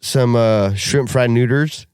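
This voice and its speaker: A man co-hosting a casual podcast, ranting in a profane, animated way and laughing often. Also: medium pitch, normal speed, dry recording, clean studio sound. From Russia. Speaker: podcast co-host. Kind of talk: casual chat.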